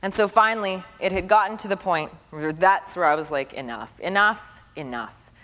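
Middle-aged woman, preacher, earnest sermon testimony, repeats phrases, hushed at tender moments, long hall reverb. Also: mid-range voice, brisk.

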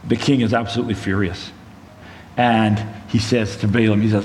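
A man preaching, retelling a Bible story in a relaxed conversational way with side notes to the listeners. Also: medium pitch, normal speed. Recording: long hall reverb, faint room noise.

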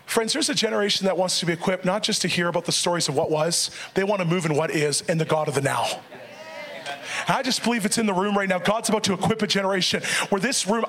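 A middle-aged pastor preaching with energy, telling a story and voicing other people as he goes, with frequent laughter. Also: high voice. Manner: animated, quotes others in raised voices, laughs often.

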